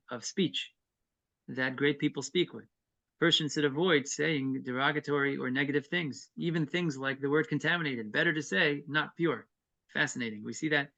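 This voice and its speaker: Male scripture teacher with a bright, forceful tone who explains verse by verse. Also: fairly high pitch, creaky. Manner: reads Hebrew verses then explains them; earnest and explanatory, with brief chuckles. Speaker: Torah class teacher. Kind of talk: evening text-study class.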